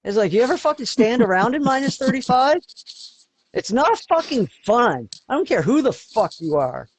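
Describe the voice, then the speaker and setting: A man's voice: very high-pitched, sing-song, moderate pace, a little hiss or hum. A Canadian man from Eastern Canada co-hosting a podcast, telling rambling stories in casual chat and swearing constantly. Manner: profane, rambling storytelling with frequent swearing. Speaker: podcast co-host.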